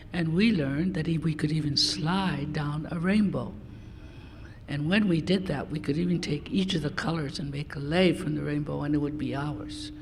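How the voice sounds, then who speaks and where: A man telling a gentle story to an audience, coaxing them to join in. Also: a little high. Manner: gentle, coaxing, talks straight to listeners. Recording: live hall with long reverb and faint noise.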